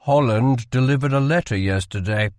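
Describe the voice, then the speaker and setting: A man voicing a measured, formal middle-aged king addressing two young men. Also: medium pitch, darkish tone, dry recording, studio quality, lightly acted. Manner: formal, unhurried.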